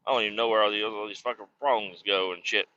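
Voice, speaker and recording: A man's voice: lowish voice, steady tone, quick pace, sharp tone. A man in his thirties streaming a trucking game, chatting casually and telling rambling, profane stories. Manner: rambling, profane, laid-back. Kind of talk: casual gameplay chat and storytelling. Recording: slightly muffled dry mic.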